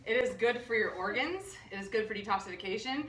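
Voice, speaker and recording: A woman's voice: medium pitch, expressive, quick pace, a bit bright, roomy sound, recorded from a distance, a little hiss or hum. A woman nutritionist hosting a live online health workshop, bubbly, jokey and full of energy. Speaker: nutritionist host. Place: room under bright lights.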